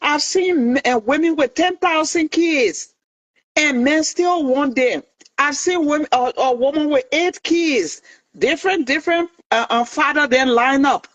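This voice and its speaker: A woman's voice: high voice, unhurried, a bit bright, no echo. A woman calling in to a talk show, talking in a passionate, opinionated way with many restarts. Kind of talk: casual chat. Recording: dull lo-fi dry sound.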